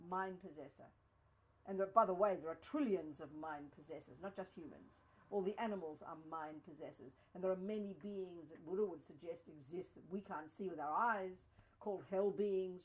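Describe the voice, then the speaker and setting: A woman's voice: medium pitch, a little mellow, rough recording. A woman giving a Buddhist teaching to a study group, talking emphatically with many "you know"s. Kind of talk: dharma teaching talk.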